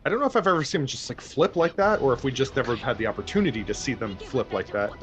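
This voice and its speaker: A man's voice: medium pitch, lively intonation, quick pace, fairly bright tone, soft background music. A man thinking aloud and laughing often as he reacts to a show he is watching for the first time. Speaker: anime reaction host. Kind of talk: casual reaction commentary.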